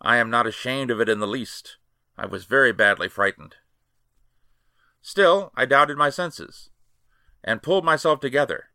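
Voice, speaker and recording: A man giving a measured, expressive first-person reading of a classic ghost story as a podcast host. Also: medium pitch, dry recording, clean studio sound.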